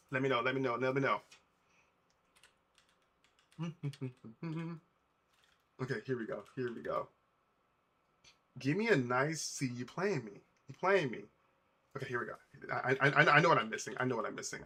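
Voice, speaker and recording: A young man chatting casually with his live-stream viewers while he builds a model, talking to chat in an animated way. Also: medium pitch, breathy edge. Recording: faint music playlist behind.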